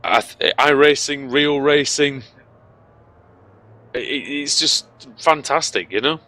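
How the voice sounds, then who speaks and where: A man commentating sim racing, out of breath and gushing with excitement. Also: mid-range voice, dry recording. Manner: excitable, gushing, halting restarts. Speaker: race commentator.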